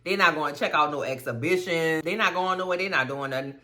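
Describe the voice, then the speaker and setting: A young woman recapping a TV episode in casual, profane, animated chat. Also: low-pitched, fast talker. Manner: animated, profane, sassy storytelling. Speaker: commentary host.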